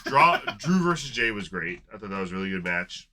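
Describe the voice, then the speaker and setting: A man co-hosting a casual wrestling chat show, talking quickly and swearing casually as he recaps matches. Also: on the low side, sing-song, pushed and bright. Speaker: podcast co-host.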